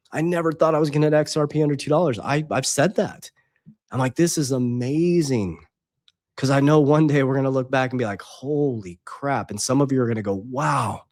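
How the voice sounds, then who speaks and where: A man's voice: mid-range voice, a little mellow, dry recording, studio quality. A man coaching viewers on money and investing in a casual monologue, hammering points home and checking in with "okay?". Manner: emphatic, repeats points, adds "okay?". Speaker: finance coach and app co-founder.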